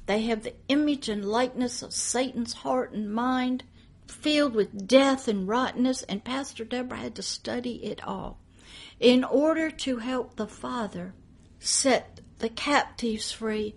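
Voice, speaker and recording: A woman pastor preaches in a high voice. Her delivery is emphatic, with bold loud declarations that fall away into hushed asides. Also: slow. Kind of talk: preaching monologue.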